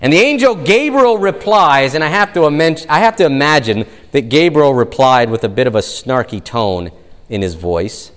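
A man preaching a sermon as a pastor, emphatic and given to drawn-out storytelling. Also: fairly high pitch, expressive, a bit bright, long reverb tail.

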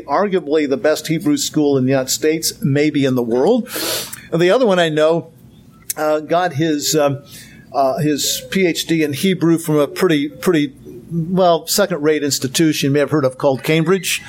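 A man giving an informal Bible lecture, conversational with many fillers and restarts and a dry sense of humor. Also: on the high side. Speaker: Bible teacher.

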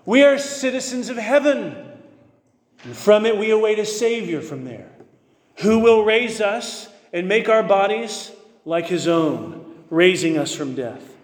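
A man preaching a sermon as pastor, earnest and emphatic, slowing to stress key phrases. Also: high-pitched, lively intonation, echoey room, in a large hall.

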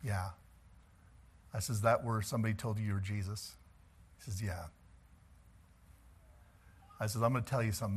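A male pastor preaching a sermon, telling stories in an animated way and chuckling as he goes. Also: lowish voice, moderate pace, long pauses, husky.

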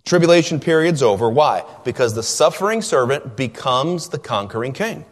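A man preaching an expository sermon, emphatic and drawn out, with sudden shouts and quiet asides. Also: mid-range voice, animated, normal speed. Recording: long hall reverb.

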